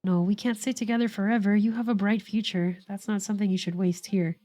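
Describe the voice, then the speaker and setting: A woman's voice: medium pitch, fairly even intonation, quick pace, warm tone, close to an everyday voice. A woman voicing an earnest, remorseful young man who is an older brother, reading the lines aloud in her own voice.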